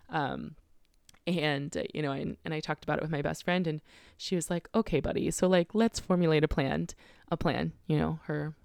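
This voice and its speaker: A woman's voice: deep voice, gravelly, darkish tone, smooth, no room sound, clean studio sound. A young adult woman coach talking casually in a podcast monologue, rambling with fillers and restarts.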